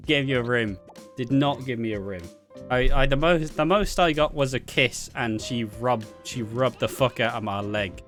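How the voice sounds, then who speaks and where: A man's voice: mid-range voice, a little fast. Young man, casual storytime, swearing often, laughing asides, faint music behind. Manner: profane, animated, laughing asides. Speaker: vlogger.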